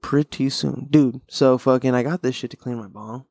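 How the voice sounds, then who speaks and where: A man's voice: mid-range voice, steady tone, fairly quick, darkish tone, no echo. A man hosting a casual solo podcast, rambling and laid-back with a lot of swearing, talking close to the microphone. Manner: rambling, profane, laid-back stoner talk. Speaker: podcast host.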